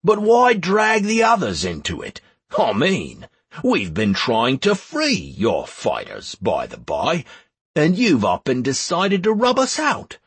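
A man narrating an audiobook in first person, in a wry, expressive way, recorded close to the mic. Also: fairly high pitch, slow, slightly rough, dry recording.

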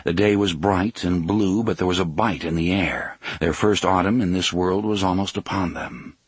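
A man narrating an audiobook in a steady, even reading voice. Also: low-pitched, normal speed, breathy edge, no echo. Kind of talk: scripted narration.

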